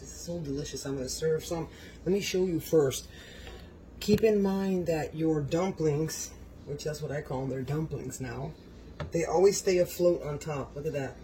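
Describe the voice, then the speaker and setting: A man's voice: on the high side, warm tone, a little hiss or hum, poor audio. A man filming a casual cooking demonstration in his home kitchen. He talks straight to his viewers and keeps exclaiming how delicious the food is. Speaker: home cook vlogger.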